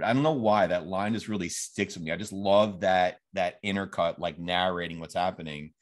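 A man's voice: sits low, a little fast, hardly any pauses. A man hosting a podcast, chatting casually about a film and retelling its scenes in a rambling way. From Phoenix, Arizona. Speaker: podcast host. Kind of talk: casual film review chat.

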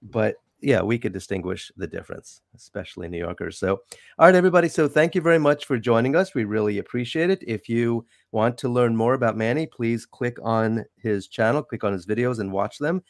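A man with a New York accent, born in the city, hosting a casual interview with wry, animated chat. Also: medium pitch, a little fast, no echo, clean studio sound. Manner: chatty, wry, animated sign-offs. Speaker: show host.

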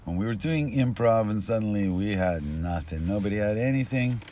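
Low-voiced guy rambling a joke outside on the street, voice bouncing all over, quiet street noise behind. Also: expressive, normal speed. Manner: rambling, loses his thread, swings between mutters and shouts. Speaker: street storyteller. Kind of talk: casual rambling joke-telling. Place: outdoors on a street. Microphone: binaural recording.

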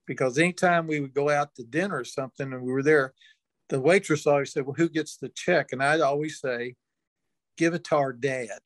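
Older male guest, folksy anecdotal storyteller, a bit high-voiced, dry close sound. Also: a little fast, no echo. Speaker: interview guest. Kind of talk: storytelling in an interview.

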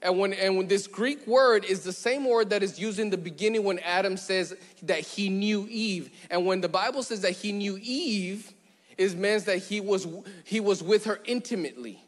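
Pastor guy preaching, pretty high voice, jokey and chatty, drops real soft for the big points, echoey church. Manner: conversational, joking, acts out little scenes; slows down and drops quiet for emphasis. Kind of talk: sermon. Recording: long church hall reverb.

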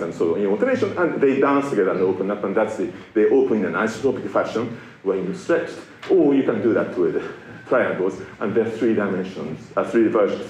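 Middle-aged male lecturer from Japan, witty and animated, heard in an echoey lecture hall. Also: on the low side, a little hiss or hum. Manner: playful, self-mocking, lively delivery. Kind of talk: public science lecture. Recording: roomy lecture hall with faint ambience.

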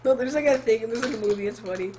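A woman giving excitable, giggly let's play commentary while gaming, shouting when thrilled. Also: fairly high pitch, racing, soft background music. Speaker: gamer.

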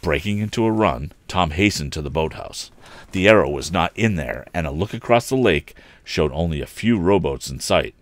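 A man reading an old adventure novel aloud as a livestream storyteller, expressive and voicing each character. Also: low-pitched, moderate pace, no room sound.

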